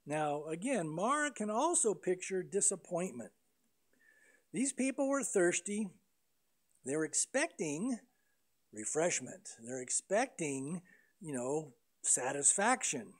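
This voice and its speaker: Man, pastor, sermon, high voice, animated delivery, acts out quoted lines, church. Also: takes it slowly. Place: church sanctuary.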